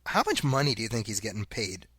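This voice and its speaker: A man chats casually as a podcast co-host, reading out listener comments and laughing easily. His voice is bright and forceful. The sound is dry and close. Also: lowish voice, big pitch swings, quick pace, breathy edge, dry recording. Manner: reads listener quotes aloud, laughs often. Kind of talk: casual chat.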